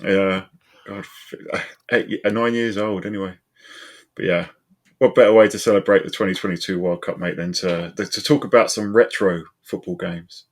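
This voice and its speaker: Chatty man hosting, low voice. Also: normal speed. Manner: laughs often, chatty and animated. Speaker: podcast host. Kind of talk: casual chat.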